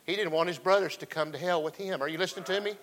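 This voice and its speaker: A man delivers a folksy sermon and keeps calling out to his congregation. His voice is bright and sits a little high for a man. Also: racing, low-quality recording. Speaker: pastor.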